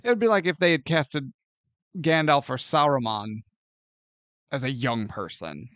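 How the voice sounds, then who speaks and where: A man co-hosting a podcast, chatting casually about a movie in an animated, joking way. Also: mid-range voice, measured pace, no room sound. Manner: animated and joking, often laughs and acts out scenes. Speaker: podcast co-host. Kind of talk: casual movie review chat.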